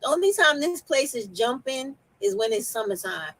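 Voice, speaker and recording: A woman's voice: fairly high pitch, big pitch swings, moderate pace, a bit bright, rough recording. A woman with a New York accent hosting a casual chat, blunt and outspoken, swearing freely. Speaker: host.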